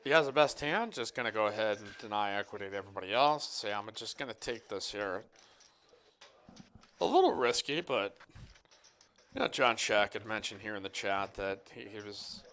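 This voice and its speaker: A man calls the action at a poker final table, his slightly low voice bright and cleanly crisp. He drifts into football chatter and reads out viewer messages, keeping things loose and joking. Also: lively intonation, moderate pace. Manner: rambling, joking, reads viewer chat aloud. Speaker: poker commentator. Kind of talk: live poker commentary with casual chat. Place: card room commentary booth.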